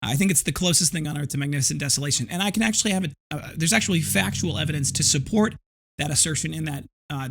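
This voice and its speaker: A man in his thirties talks through a casual solo podcast episode. His voice sits fairly high. He rambles in a reflective way and restarts his sentences often. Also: gravelly. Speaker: podcast host.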